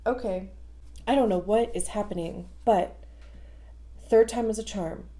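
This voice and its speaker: A stuffy-nosed woman hosts a casual tarot reading, speaking at an unhurried, drawn-out pace. She is chatty and often breaks off her sentences with fillers and restarts. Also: medium pitch, mellow. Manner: chatty, with frequent fillers and self-interruptions. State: stuffy nose. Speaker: tarot reader.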